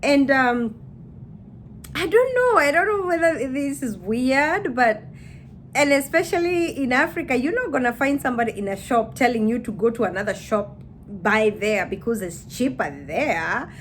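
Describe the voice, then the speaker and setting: A woman's voice: high voice, lively intonation, normal speed, a little hiss or hum. A woman chatting casually to her camera, laughing as she acts out what people say. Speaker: YouTuber.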